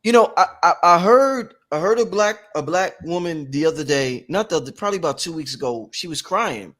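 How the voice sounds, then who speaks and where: Animated, high-voiced male host. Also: a little fast. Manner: animated, expressive, theatrical. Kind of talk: panel talk.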